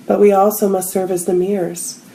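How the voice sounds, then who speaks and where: A woman, a spiritual healer, telling a personal story in a casual group talk and acting out the quotes with lively shifts in voice. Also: medium pitch, moderate pace, gravelly, roomy sound, slight background noise, rough recording.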